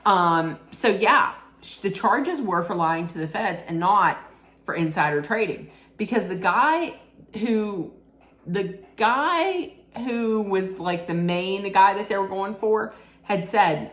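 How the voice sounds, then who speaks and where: A woman's voice: mid-range voice, lively intonation, takes it slowly, fairly bright tone. A woman vlogger giving casual, frank commentary on a documentary, telling it like gossip and talking straight to the viewer. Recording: echoey room.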